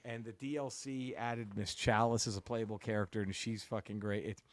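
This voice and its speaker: A man's voice: fairly low pitch, fairly even intonation, moderate pace, no echo. Profane rambling male podcast host. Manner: profane, rambling, restarts a lot. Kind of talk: casual comedy chat.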